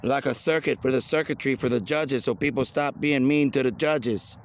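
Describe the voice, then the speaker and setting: A man rambling excitedly in an outdoor monologue, repeating himself as he goes. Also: mid-range voice, moderate pace. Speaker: video blogger. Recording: noisy outdoor recording.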